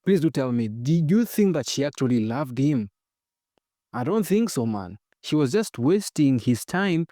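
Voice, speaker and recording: A man's voice: medium pitch, big pitch swings, unhurried, no room sound, clean studio sound. A man reacting to a story in casual slang, speaking straight to his audience. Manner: slangy, addresses the audience as ladies and gentlemen. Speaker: reaction host.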